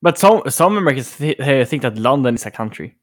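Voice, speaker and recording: Wry, sarcastic man with a lively pitch. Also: fast. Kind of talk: casual chat.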